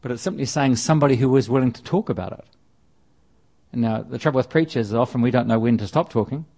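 A man's voice: medium pitch, fast, warm tone. Conversational man preaching. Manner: conversational, with frequent restarts and repetition. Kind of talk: sermon.

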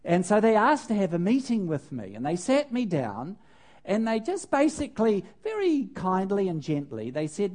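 An older man, a preacher, telling a personal story in a sermon with animated, self-mocking humor and laughing at himself. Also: high voice, normal speed.

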